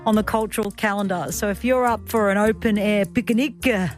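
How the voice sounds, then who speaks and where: A woman's voice: medium pitch, steady tone, fairly quick, faint music behind. Bubbly woman radio host. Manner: bubbly, laughs easily, reads with playful drama. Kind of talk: lively radio chat. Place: radio studio. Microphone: studio microphone.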